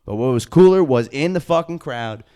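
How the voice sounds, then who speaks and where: A young man, a podcast co-host and wrestler, telling stories in loose, excited, profane casual chat. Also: medium pitch, normal speed, clean tone. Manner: loose, excited storytelling full of slang and swearing.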